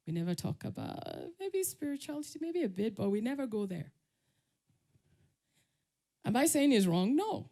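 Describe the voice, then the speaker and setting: A middle-aged Nigerian woman with a Nigerian English accent, giving a lively storytelling talk as a conference speaker. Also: mid-range voice. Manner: lively, laughs often, acts out quotes.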